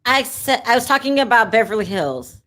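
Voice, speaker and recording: A woman's voice: a little high, big pitch swings, a little fast, fairly bright tone. A woman in a casual chat, blunt and teasing.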